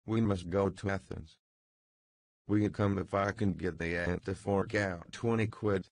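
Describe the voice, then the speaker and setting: A man's voice: deep voice, fairly even intonation, gravelly, darkish tone. A man reading as a jaunty, mocking young joker. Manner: brisk, gay, teasing.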